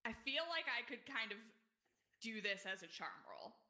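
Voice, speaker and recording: A woman's voice: on the high side, very animated, moderate pace, pushed and bright. A woman player at a tabletop role-playing game, talking in a giggly, upbeat way. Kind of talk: tabletop role-play chat. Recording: roomy echo.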